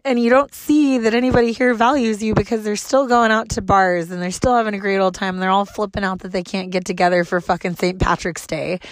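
A woman's voice: medium pitch, no echo. A woman who drives a bus telling a story in a casual vlog. She is emphatic and emotional, and she swears freely.

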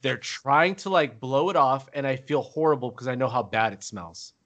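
A man on a podcast, chatting casually and telling animated stories with acted-out quotes. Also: medium pitch, moderate pace. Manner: animated storyteller, acts out quotes. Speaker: podcast host. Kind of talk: casual chat.

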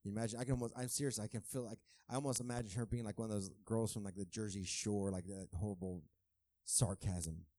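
A man preaching a sermon in a conversational, joking way, who swings from quiet asides to shouted, half-sung praise. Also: lowish voice, fairly even intonation, fast, no echo, clean studio sound. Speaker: pastor.

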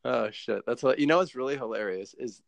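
An American man chatting as a podcast guest, animated and laughing often, with lots of fillers and restarts. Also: medium pitch, a little fast, gravelly, no echo. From United States. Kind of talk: casual chat.

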